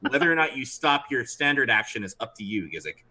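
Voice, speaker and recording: A man narrating as dungeon master of a tabletop game, animated and throwing in character voices. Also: mid-range voice, quick pace, poor audio.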